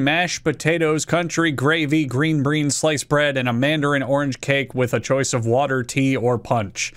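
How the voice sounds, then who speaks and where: Casting note: young male comedy host, high-pitched, sarcastic and profane, quick to rant. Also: steady tone, clean tone. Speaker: YouTube host. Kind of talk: comedic commentary.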